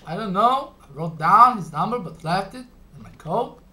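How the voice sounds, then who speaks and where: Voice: medium pitch, lively intonation, normal speed, pushed and bright. A guy doing a gossipy teen girl on the phone. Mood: teasing.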